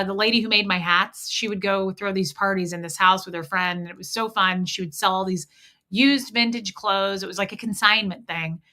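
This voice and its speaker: A woman's voice: on the low side, bright, forceful tone. A woman hosting a livestream, telling personal stories in a chatty way and reading out viewer comments. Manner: chatty storytelling, frequent "like" fillers. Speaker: livestream host.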